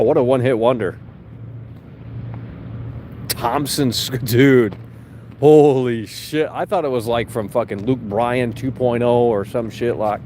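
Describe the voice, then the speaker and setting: Sitting in his car, a young livestream host reads comments aloud and talks casually to viewers, rambling, sarcastic and foul-mouthed. He has a mellow, mid-range voice, and there's a little hiss or hum on the recording.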